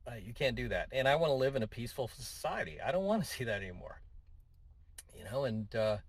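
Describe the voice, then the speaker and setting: A man's voice: medium pitch, sing-song, quick pace, husky. A man giving an opinionated commentary monologue to his viewers, conversational and full of tag questions and repeats. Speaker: commentary vlogger.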